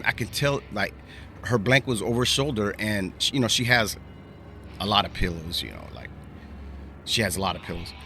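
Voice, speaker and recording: A man's voice: mid-range voice, bright, forceful tone, slight background noise. A man hosting a podcast, telling a personal story in a casual, rambling way, repeating himself and using slang. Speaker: podcast host.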